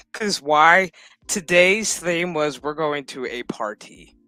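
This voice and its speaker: A man's voice: on the high side, wildly swooping pitch, drawn-out words, vocal fry, bright, forceful tone, dry recording. Rambling, foul-mouthed male streamer. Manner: rambling, profane, laughs often. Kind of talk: casual episode recap. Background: background music.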